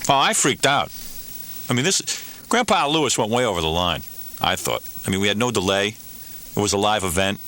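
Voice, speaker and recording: A man's voice: on the low side, a little fast, long pauses, a little hiss or hum. A man, a radio host, candidly recalling past events in an interview. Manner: animated, candid.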